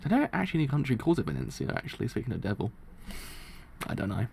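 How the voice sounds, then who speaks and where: A man with a mid-range, gravelly voice rambles through a casual live reaction to a comic. He keeps restarting sentences and laughing at himself. A faint hiss sits under the mic. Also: mid-range voice, huge pitch swings, fast talker, a little mellow. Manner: rambling, self-interrupting, laughs often.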